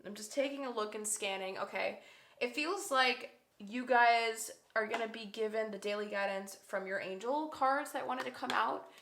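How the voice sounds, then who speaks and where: In an echoey room, a woman reads tarot cards casually for her viewers, speaking in a heartfelt, effusive way and pressing hard on the lines she wants heard. Her voice is a little high and fairly bright, at a moderate pace.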